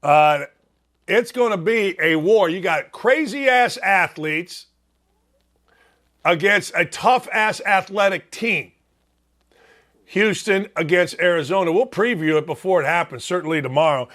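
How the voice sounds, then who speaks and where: A man's voice: high-pitched, unhurried, fairly bright tone. A sports radio host from Northwest Indiana with a Chicago accent, talking bluntly and self-mockingly as he rambles through his bracket picks. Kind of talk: solo sports talk monologue.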